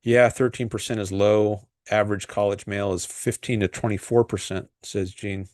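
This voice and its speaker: Low-voiced man rambling on a livestream. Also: fairly even intonation, normal speed, a little mellow, no room sound, studio quality. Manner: rambling and hesitant, frequent fillers and restarts. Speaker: livestream host. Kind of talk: casual livestream chat, reading viewer comments.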